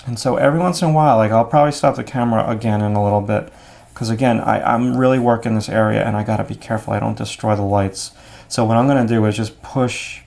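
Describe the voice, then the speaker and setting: A man explaining his drawing steps out loud as he works, in a relaxed, thinking-aloud way. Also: on the low side, quick pace, gravelly. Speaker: art instructor. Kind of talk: drawing demonstration.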